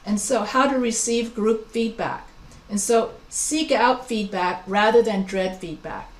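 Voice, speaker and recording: A woman instructor giving a relaxed lecture, chatty and full of asides and restarts. Her voice sits a little high, and the room has a clear echo. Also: a little slow. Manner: chatty, anecdotal, with frequent restarts. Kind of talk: recorded class lecture.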